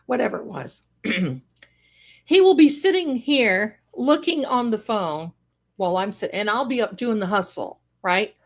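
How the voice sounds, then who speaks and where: A woman's voice: mid-range voice, animated, a little slow, vocal fry. A middle-aged woman hosting a casual live stream, chatting with viewers in a rambling way and breaking into song and laughter. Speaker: livestream host.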